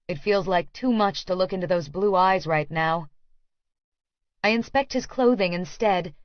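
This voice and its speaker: A woman reading a first-person story as an audiobook narrator, measured and earnest. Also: mid-range voice, no room sound. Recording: dry, slightly dull studio audio.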